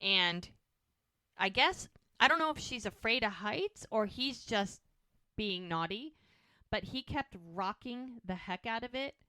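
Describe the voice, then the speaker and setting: A woman with a bright, forceful voice retells the scenes of a TV episode in casual podcast chat. She tells it as an animated storyteller and breaks off into chatty asides. The sound is close and dry. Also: a little high, unhurried, clean tone, no echo. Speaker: podcast co-host.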